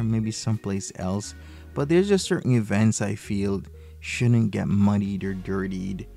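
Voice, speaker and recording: A man's voice: fairly low pitch, gravelly, mellow. A man hosting a commentary video, talking in an easygoing, hesitant way with frequent fillers. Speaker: commentary channel host. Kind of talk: casual commentary.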